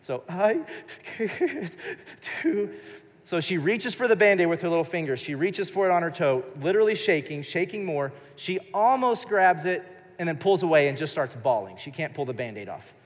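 A man's voice: on the high side, animated, a little fast. A man in his thirties preaching a sermon in a church service, telling a personal story in a loose, conversational way. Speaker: pastor. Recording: live in a large church hall with long reverb.

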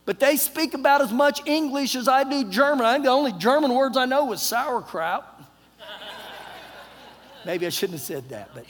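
A middle-aged man with a Texan accent preaching a sermon, telling a personal story in a folksy way, acting out dialogue, his voice swinging between loud and hushed. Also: extremely high pitch, expressive, moderate pace. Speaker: pastor. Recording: long hall reverb.

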